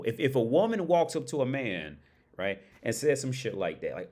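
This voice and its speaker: A man's voice: mid-range voice, lively intonation, fairly quick, darkish tone. Rambling profane young man streaming. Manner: rambling, repetitive restarts, profane. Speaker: livestream host. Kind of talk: casual rambling monologue.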